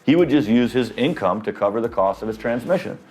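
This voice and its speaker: A man's voice: medium pitch, lively intonation, fast talker, a little mellow. A man commenting on a played video clip, explaining a point step by step in a casual way and checking in with "right?". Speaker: business credit commentator.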